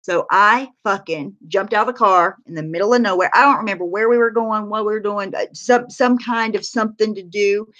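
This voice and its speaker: A woman's voice: mid-range voice, a little fast, few pauses, a bit bright, dull audio. A woman livestreaming to her chat. She talks candidly about her own life, swears freely and uses lots of fillers. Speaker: livestreamer sharing her recovery story. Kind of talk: casual livestream talk answering chat.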